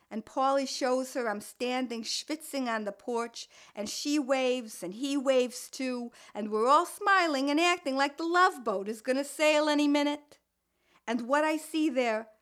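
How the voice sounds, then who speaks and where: A woman's voice: high-pitched, fairly bright tone. A woman voicing an older, fussy and fretful mother with a Brooklyn accent, telling her story in the first person with wry, complaining asides. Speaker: narrator.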